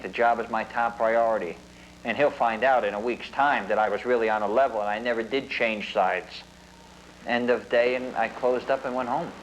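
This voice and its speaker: A middle-aged man, a retired police officer telling his story in documentary narration. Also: mid-range voice. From New Jersey. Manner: plain-spoken storytelling that acts out quoted dialogue. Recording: noisy documentary audio.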